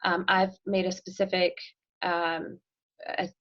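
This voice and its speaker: A woman's voice: lowish voice, little pitch movement, slow, a bit bright, highs cut off. A woman guest on a podcast, talking casually and thoughtfully with frequent ums and light laughs. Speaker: podcast guest, marketing executive. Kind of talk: casual interview chat.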